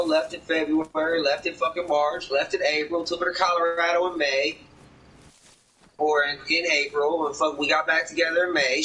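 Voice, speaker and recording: Man, casual profane storytelling, rambling, bright forceful voice, distant mic, faint background noise. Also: high voice. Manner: rambling, swears often, acts out others' lines.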